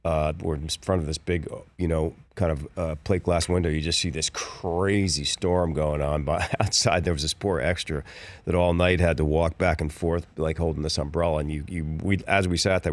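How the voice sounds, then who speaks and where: A man in his sixties from Philadelphia speaks as an interview guest in a very deep register. His voice is recorded dry and close. He tells rambling stories in an easygoing way. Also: moderate pace, dry recording. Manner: relaxed, rambling storyteller. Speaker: actor guest. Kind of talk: casual interview chat.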